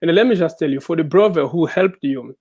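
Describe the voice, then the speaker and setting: A man with a somewhat high voice hosts a live online talk. He speaks in a reflective, affirming way to his guest. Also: a little fast, darkish tone, slightly rough. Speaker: host. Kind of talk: live interview.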